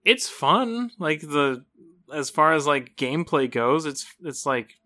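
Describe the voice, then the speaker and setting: A man's voice: a little high, big pitch swings, slow, pushed and bright. A man chatting casually as a podcast co-host, rambling and hesitant, with many restarts. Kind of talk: casual chat.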